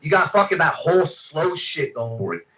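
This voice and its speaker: A man hosting a podcast, loudly and aggressively insulting others in a heated argument. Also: a little high, big pitch swings, normal speed. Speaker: podcast host.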